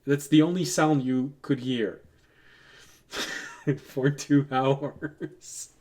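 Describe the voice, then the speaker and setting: A man running a tabletop game as game master, relaxed and digressive, laughing often as he tells stories. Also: mid-range voice, extremely slow.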